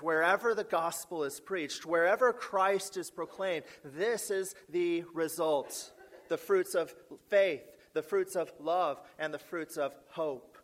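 A man preaching a sermon as pastor, measured and emphatic, building lists of repeated phrases and asking the congregation rhetorical questions. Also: on the high side, fairly bright tone.

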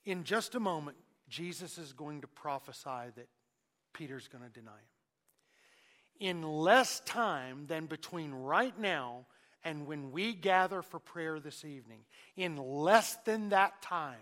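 A man preaching a sermon, swinging between loud emphasis and hushed asides, and acting out the quoted speech of Jesus and Peter. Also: on the high side, lively intonation, slow.

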